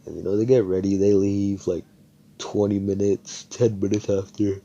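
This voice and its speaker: Deep-voiced young man telling a rambling story. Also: flat delivery, moderate pace, warm tone, dull audio, a little hiss or hum. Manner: rambling, profane, laid-back. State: tired, yawning. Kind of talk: casual improvised fan-fiction storytelling.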